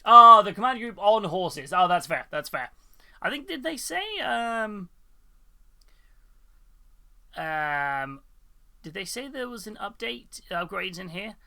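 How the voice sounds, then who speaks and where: A man's voice: high voice, sing-song, takes it slowly, gravelly, long pauses, bright, forceful tone. A man hosting a casual hobby live stream, chatting loosely with many fillers and frequent laughs.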